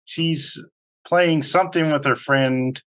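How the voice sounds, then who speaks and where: A man's voice: on the high side, slow, fairly bright tone. A man co-hosting a movie review podcast, recapping the plot in a rambling, casual way with frequent fillers. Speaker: podcast co-host.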